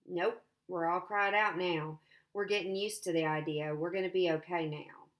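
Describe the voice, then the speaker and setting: A frightened, gentle teenage boy, read by a woman, talking in a quiet, shaky way. His voice sits fairly low and stays soft. It is a plain storybook reading. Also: fairly even intonation, normal speed, lightly acted. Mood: soothing.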